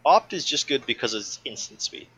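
Bright-voiced man giving opinionated analysis. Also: medium pitch, very animated, moderate pace, husky, dry recording, low-quality recording. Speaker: podcast co-host. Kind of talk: casual chat about a card game.

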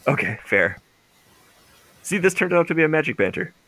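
A man's voice: on the high side, big pitch swings, normal speed, a bit bright, no echo. A young man co-hosting a casual podcast, rambling and laughing often, restarting his sentences. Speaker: podcast co-host. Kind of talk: casual chat.

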